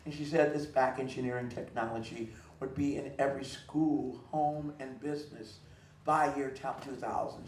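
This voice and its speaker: A man's voice: mid-range voice, reverberant, recorded from a distance, a little hiss or hum, low-quality recording. A man performing on stage, telling earnest, meandering stories in a wistful way. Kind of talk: rambling live storytelling. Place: live venue stage.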